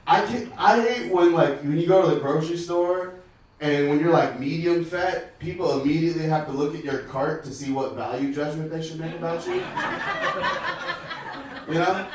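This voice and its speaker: Rambling stand-up comic in echoey club. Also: male voice, fairly high pitch, recorded from a distance, background noise. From United States. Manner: casual, rambling delivery with many fillers. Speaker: stand-up comedian. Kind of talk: stand-up comedy set. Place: comedy club stage.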